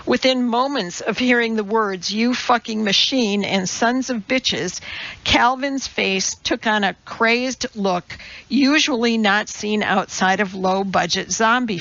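A woman reads a novel aloud at a slow, unhurried pace, her voice carrying a gravelly creak. Her storytelling is measured and even. The recording has a slightly muffled, dull quality. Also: mid-range voice, dry recording. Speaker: audiobook narrator. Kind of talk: scripted narration.

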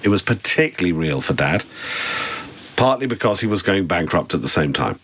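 A man's voice: deep voice, big pitch swings, fairly quick, fairly bright tone, breathy edge, lo-fi sound. A man with a Southern English accent, a guest in an interview, talking candidly and wryly about his father. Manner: dry, wry and candid. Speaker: guest, son of the director. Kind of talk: reflective interview talk.

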